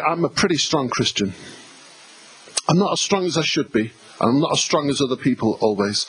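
Man, English accent, pastor, sermon in a church hall, emphatic, repetitive, slightly high voice, faint room hiss. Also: fairly bright tone. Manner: emphatic, repetitive, conversational preaching with asides to the congregation.

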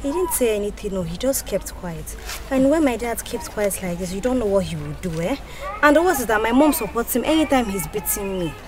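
A woman's voice: medium pitch, expressive, a little fast, noisy background, natural voice. A young actress playing an anxious schoolgirl afraid of her father, in Nigerian English. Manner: anxious, apologetic. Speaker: schoolgirl daughter.

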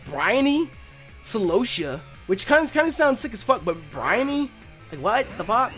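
A young man giving let's play commentary in a brash, profane, excitable way. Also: very high-pitched, moderate pace, soft background music. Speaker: gaming YouTuber.

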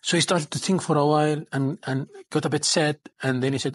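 A man narrates a religious moral story in a husky, breathy voice that sits a little high. His telling is loose and conversational, with pious phrases mixed in. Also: fairly even intonation, fairly quick, dry recording.

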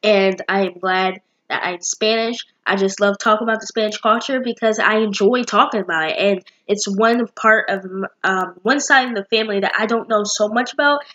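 A woman's voice: medium pitch, moderate pace, hardly any pauses, a bit bright, dull audio. A young woman in her late teens chatting casually to camera with a bubbly, rambling manner and many fillers. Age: young adult. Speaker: vlogger.

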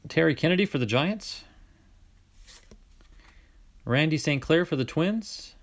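Unhurried and fairly high-pitched, this man hosts a card-collecting channel and chats casually while opening cards. He reads the names out loud and now and then bursts with excitement.

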